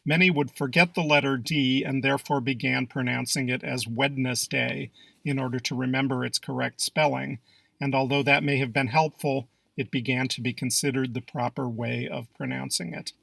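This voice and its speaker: Bright, gravelly man narrating a lesson. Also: mid-range voice, steady tone, brisk, no echo. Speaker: English pronunciation teacher. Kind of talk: scripted narration.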